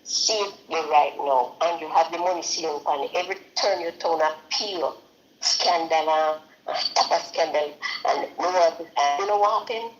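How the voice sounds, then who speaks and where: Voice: medium pitch, normal speed, echoey room, muffled recording. A host with a Jamaican accent chatting about politics, cutting in to tell stories. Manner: interjecting, storytelling. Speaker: live stream host. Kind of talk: casual political chat.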